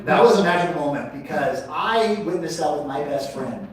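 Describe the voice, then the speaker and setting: A man's voice: on the high side, lively intonation, a little fast. Forties male comic from Oregon, crude and profane, works the crowd; roomy venue sound, mic far off. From Portland, Oregon, USA. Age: 40s. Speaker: stand-up comedian. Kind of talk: open mic stand-up. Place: small comedy venue, indoors. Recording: echoey venue, distant mic.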